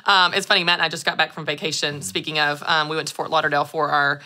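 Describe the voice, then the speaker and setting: A woman's voice: low voice, little pitch movement, fast, bright, forceful tone. A woman host in casual interview chat, upbeat and laughing often. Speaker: podcast host.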